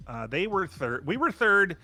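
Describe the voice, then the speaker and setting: A man's voice: high voice, measured pace. A man co-hosting a podcast, chatting casually and joking while sharing trivia. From Canada. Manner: chatty, jokey, lively. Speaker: podcast co-host.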